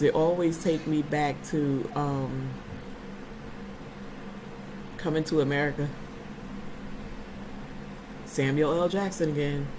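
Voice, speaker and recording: A woman's voice: low-pitched, darkish tone, a little hiss or hum, rough recording. A woman hosting a casual vlog chat, telling stories to her viewers in a playful, emphatic way. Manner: chatty storyteller, playful and emphatic. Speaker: vlogger host.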